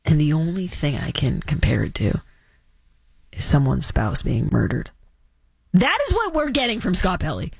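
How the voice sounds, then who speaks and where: Sarcastic radio host woman, lively pitch. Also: moderate pace, creaky, faint music behind. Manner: sarcastic, mock-dramatic. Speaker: radio talk show host. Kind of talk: casual opinionated chat.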